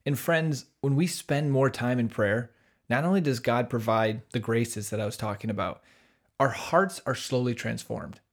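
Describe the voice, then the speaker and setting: A man with a medium-pitched voice hosts a podcast about faith. He sounds friendly and enthusiastic. He often restarts his sentences mid-thought. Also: normal speed. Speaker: podcast host. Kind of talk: conversational discussion of faith.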